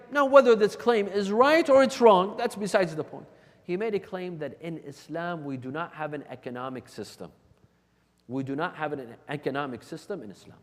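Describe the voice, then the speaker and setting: A man giving an emphatic sermon, repeating key phrases for stress. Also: on the high side. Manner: emphatic and repetitive, restating points for stress. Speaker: religious lecturer. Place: large hall of a religious center. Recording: long hall reverb.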